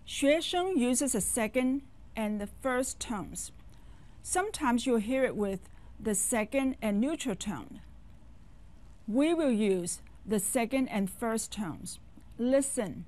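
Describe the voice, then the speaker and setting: A woman teaching beginner phrases in a clear, instructive scripted lesson. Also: on the high side, lively intonation, slow pace, a little mellow. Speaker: language teacher.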